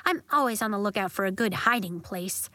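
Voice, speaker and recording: Chipper reassuring young girl, as a woman reads her, quick lively lines, dry sound. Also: mid-range voice, dry recording. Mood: upbeat. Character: cheerful, comforting young girl. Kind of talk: storybook reading.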